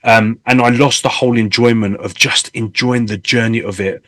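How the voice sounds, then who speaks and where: A man in his fifties, a singer hosting a casual interview, talking candidly and telling stories with animated swearing. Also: mid-range voice, normal speed, no room sound. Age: 50s. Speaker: host and singer.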